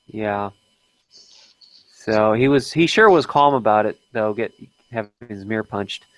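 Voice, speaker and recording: A man's voice: lowish voice, unhurried, a bit bright, dry recording, low-quality recording. A man hosting an unplanned live stream, chatting casually and often stopping to restart his sentences.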